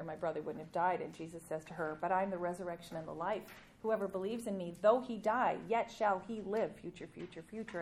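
A woman preaching a sermon at an ordinary middle pitch. She reads scripture passages aloud with emphatic rises and pauses. A faint hiss sits under her voice. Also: a little mellow.

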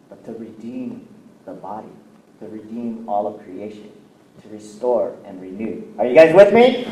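A man preaching a sermon to his congregation, moving from quiet reflection to excited near-shouting and often checking that they follow him. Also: fairly high pitch. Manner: asks the congregation for agreement often. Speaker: pastor. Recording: roomy echo, mic at a distance, faint noise.

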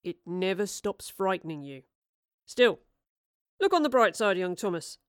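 A steady, reassuring man in his thirties, read by a woman. He talks evenly and a bit wryly, recorded close and dry. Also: mid-range voice, unhurried, clean tone, no echo. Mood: teasing. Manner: calm, reassuring, gently teasing.

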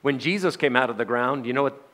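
A man's voice: mid-range voice, fast talker, a bit bright. A man preaching a sermon in a folksy, joking manner, with frequent laughs.

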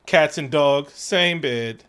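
Podcast co-host, male, slightly high voice, brash and profane, animated storyteller. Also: takes it slowly, smooth. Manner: loud, profane, joking, animated retelling. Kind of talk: casual chat recapping a movie.

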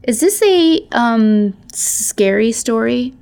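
A woman voicing a cheeky young male wolf pup who chatters excitably in a storybook reading. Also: medium pitch, slow, pitched above the performer's own voice, heavily acted. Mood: excited, whiny.

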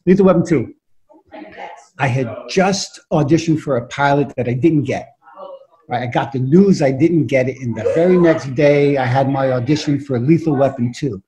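Middle-aged man, animated, profane storyteller, slightly higher voice, casual chat. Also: poor audio. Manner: animated, profane, acts out voices in his anecdotes. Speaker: actor guest telling stories.

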